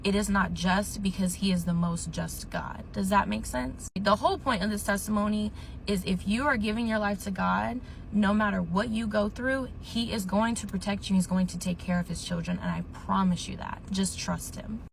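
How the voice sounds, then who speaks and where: A woman's voice: medium pitch, fairly even intonation, normal speed, creaky, a little hiss or hum. A woman giving an earnest religious testimony in a reassuring tone.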